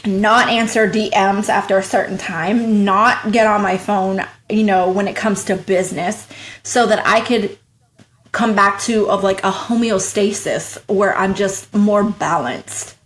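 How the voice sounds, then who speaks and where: Talkative woman, lively storytelling guest. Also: mid-range voice. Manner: animated, acts out her own past thoughts in quoted voices; frank and talkative, rapid bursts of speech. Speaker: podcast guest, small business owner. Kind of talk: casual interview storytelling.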